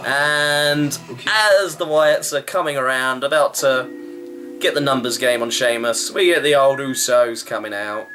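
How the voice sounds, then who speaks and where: A man's voice: mid-range voice, unhurried, sharp tone, soft background music, low-quality recording. A man giving a chatty, wry running review of a wrestling show, rambling with fillers. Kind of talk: casual vlog review.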